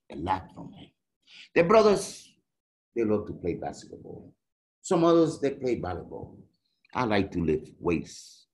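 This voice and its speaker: Man telling an emotional story. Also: low voice. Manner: emotional storytelling with big swings between loud and hushed. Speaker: guest speaker, death row exoneree. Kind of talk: personal testimony over video call. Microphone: video call.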